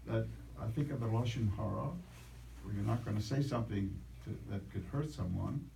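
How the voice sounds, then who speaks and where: A man's voice: fairly low pitch, a little fast, creaky, dark tone, a little hiss or hum. A man in the audience asks a question, musing and searching for his words. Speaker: audience member asking a question. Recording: distant voice in an echoey room.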